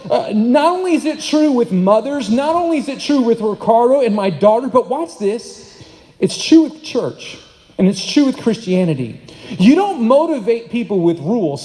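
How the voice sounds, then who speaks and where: A man in his thirties preaching a sermon as pastor, energetic and joking, swinging between loud and soft. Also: sits high. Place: church hall. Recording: long hall reverb.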